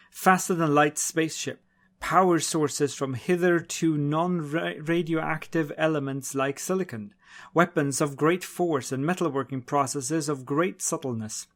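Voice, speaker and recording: A man reads a science fiction short story aloud in a steady narrating voice. His voice sits fairly high for a man, and he drops lower and quieter on the speech tags. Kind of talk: audiobook reading of a short story.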